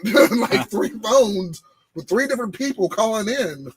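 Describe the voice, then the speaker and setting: A man, co-hosting a casual podcast and telling animated stories about his old job. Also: sits high, measured pace, slightly rough, low-quality recording. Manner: animated storytelling, repeating phrases. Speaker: podcast co-host. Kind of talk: casual chat.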